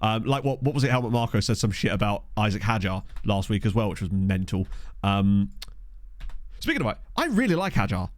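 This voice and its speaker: Lively man streaming a game. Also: lowish voice, brisk, no echo. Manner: animated, laughs often, chatty asides. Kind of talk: casual game-stream commentary. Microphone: desk condenser mic.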